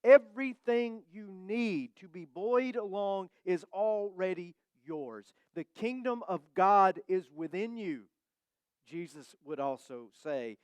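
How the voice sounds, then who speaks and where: A man preaches to his congregation in a smooth, resonant voice that sits a little high for a man. He talks like a conversation, with light humor, and draws out key phrases slowly for weight. The sound is close and dry. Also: animated, no echo. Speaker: pastor. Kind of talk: sermon. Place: church sanctuary.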